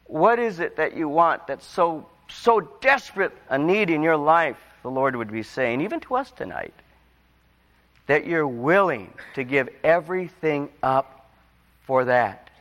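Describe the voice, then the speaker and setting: A man preaching a sermon, telling stories and reading scripture, his voice climbing into pleading cries and then falling quiet. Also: a little high, animated, measured pace. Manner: storytelling, rising to emotional pleas then dropping quiet. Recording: long hall reverb.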